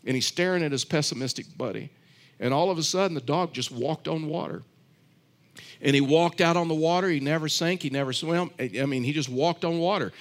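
A man's voice: a little high, brisk. A man preaching a sermon, earnest and repetitive, telling stories with frequent restarts. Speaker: pastor.

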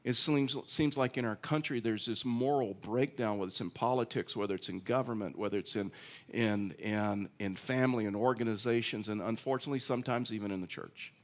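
A man's voice: fairly low pitch, a little fast. A male pastor preaching a sermon in a conversational, storytelling way with self-deprecating humor. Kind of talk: sermon with personal stories.

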